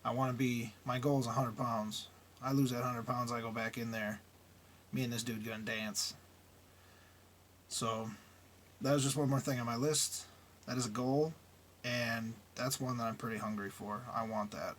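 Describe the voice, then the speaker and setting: A man's voice: mid-range voice, fairly even intonation, normal speed, a bit bright, slight background noise. Blunt, grumbling male trucker vlogger. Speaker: truck driver. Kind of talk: casual vlog monologue.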